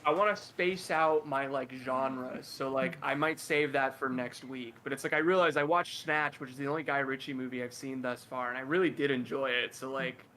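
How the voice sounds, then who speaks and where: A man's voice: medium pitch, steady tone, moderate pace, hardly any pauses, pushed and bright, a little hiss or hum. Upbeat young man chatting. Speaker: podcast co-host. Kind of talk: casual chat.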